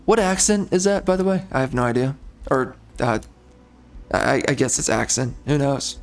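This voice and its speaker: A man's voice: mid-range voice, expressive, moderate pace, vocal fry. A man giving casual gameplay commentary, rambling, profane and easily exasperated.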